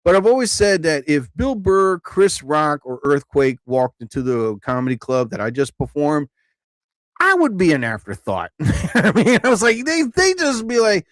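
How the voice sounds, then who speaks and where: A man hosting a live stream, telling rambling stand-up stories casually, laughing often and jumping into higher voices to act out quotes. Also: wildly swooping pitch, moderate pace, fairly bright tone, no echo. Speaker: live show host, comedian.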